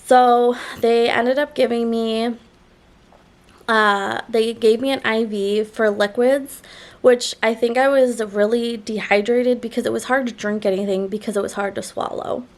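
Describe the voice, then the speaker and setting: A woman's voice: a little high, steady tone, a little slow. A woman vlogger chatting casually to camera, her voice a little nasal as she gets over a sore throat, rambling with lots of "like" fillers. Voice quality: slightly nasal.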